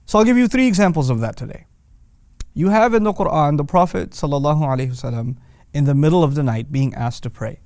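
A man's voice: fairly high pitch, lively intonation, fast talker, darkish tone, dry recording, clean studio sound. A man hosting a casual lesson on the Quran, explaining grammar patiently with everyday examples and rising emphasis. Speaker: Quran teacher.

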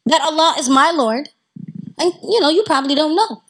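A woman with a Southern US accent, telling a religious story in a lively way and acting out the voices of its characters. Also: high-pitched, normal speed, rough recording. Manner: animated, acts out voices in the story. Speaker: religious speaker. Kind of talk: Islamic storytelling talk.

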